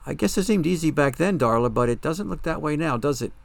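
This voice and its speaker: A man's voice: a little high, expressive, a little fast, creaky, no room sound, pitched above the performer's own voice. Man playing a cool probing psychic woman. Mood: accusing.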